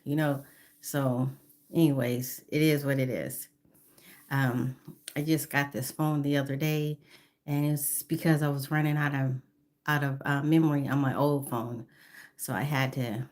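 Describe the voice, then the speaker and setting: A woman in her fifties chatting on a phone live stream, greeting viewers by name and apologizing now and then. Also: low-pitched. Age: 50s. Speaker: livestreamer.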